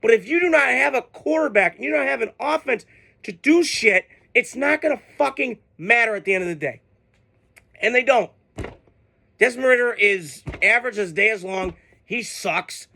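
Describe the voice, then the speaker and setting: A man with a high, bright voice and a gravelly edge delivers a casual sports rant. He gets heated and profane, venting his frustration in sudden outbursts. His tone stays sharp and forceful throughout. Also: lively intonation, moderate pace. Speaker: sports podcast host. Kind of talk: casual ranting commentary.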